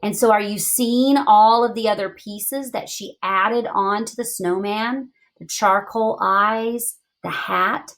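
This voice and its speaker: A woman teaching a reading lesson to young students, thinking aloud with big, expressive reactions to the text. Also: mid-range voice, slow pace, hardly any pauses.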